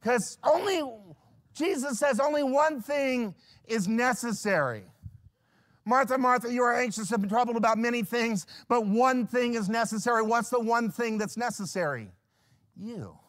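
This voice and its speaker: A male pastor preaching a sermon, swinging from hushed lines to loud acted-out scenes. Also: very high voice, expressive, a little slow. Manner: acts out little scenes in quoted voices.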